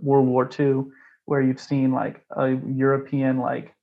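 A man's voice: mid-range voice, monotone, slow pace, creaky, phone-quality sound. A man in casual podcast chat, rambling and blunt, with frequent filler words and swearing. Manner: rambling, blunt and profane, peppered with "like".

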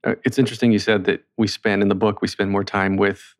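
A man interviewing a writer, asking questions and giving his own views in a relaxed, conversational way. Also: lowish voice, fast.

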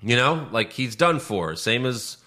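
A man in casual movie-review chat, ranting with swearing, his voice jumping high when he gets outraged. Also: very animated, unhurried, pushed and bright. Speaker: podcast co-host.

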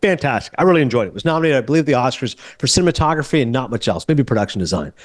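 A man's voice: mid-range voice, animated, dry recording. A Canadian-raised man hosting a podcast, telling stories in casual movie chat. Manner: fast, chatty storytelling. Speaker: podcast host.

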